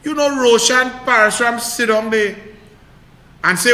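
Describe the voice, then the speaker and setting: A man with a Trinidadian accent ranting on politics, mocking and loud, swinging from shouts to low muttering. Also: a little slow, long pauses, roomy sound, long reverb tail. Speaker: online commentator. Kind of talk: animated political rant.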